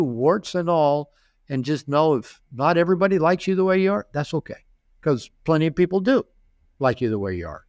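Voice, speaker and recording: A podcast guest who is an older therapist and author relates stories in an easygoing interview, his voice a little high. He brings the characters to life by acting out their voices, with many repeats and restarts, all captured in a dry, clean studio recording.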